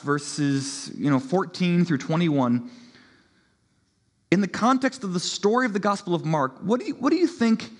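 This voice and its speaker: Pastor, man, 30s, chatty laughing sermon style, higher voice, long church echo. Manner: playful, laughing, conversational storytelling.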